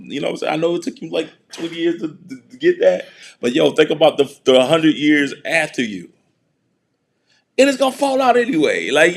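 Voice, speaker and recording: Middle-aged guy hosting, casual joking rant, gravelly voice, kinda high, laughs a lot. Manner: joking, laughing often, mocking put-on voices. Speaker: show host. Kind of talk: casual commentary monologue.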